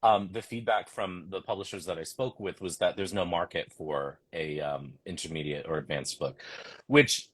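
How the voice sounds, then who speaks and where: A man, a tarot author and teacher, answering interview questions in a thoughtful, measured way. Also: deep voice, fairly even intonation, fairly bright tone, husky. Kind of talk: casual interview chat.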